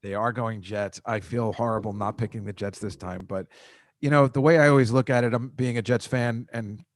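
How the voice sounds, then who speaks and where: A middle-aged man hosts a casual comedic sports chat, needling his guests with dry, teasing remarks. His voice sits at an ordinary middle pitch and is recorded close and completely dry, with no room sound. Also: no echo. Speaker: host.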